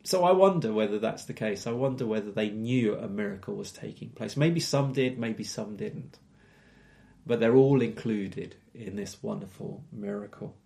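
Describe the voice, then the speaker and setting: A man's voice: lowish voice, normal speed, vocal fry, dark tone. A man giving a sermon, retelling a Bible story and asking reflective, rhetorical questions with frequent hesitations. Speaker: preacher.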